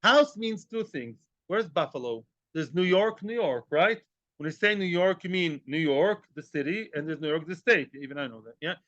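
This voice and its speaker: This man's voice is a little high and fairly bright, with lively intonation and normal speed; the recording has no room sound and lacks highs. Teaching Talmud, he mixes in jokes, rhetorical questions, repeated phrases, and Hebrew and Aramaic vocabulary.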